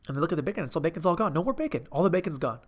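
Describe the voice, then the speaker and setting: A man hosting a comedic movie recap, rambling off on tangents with sudden bursts of excitement. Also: fairly high pitch, rapid-fire. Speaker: host.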